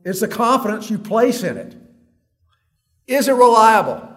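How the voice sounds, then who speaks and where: Very animated at a moderate pace, a preacher delivers an earnest sermon. He reads lengthy quotes in a storytelling manner, sinking low and soft on weighty words.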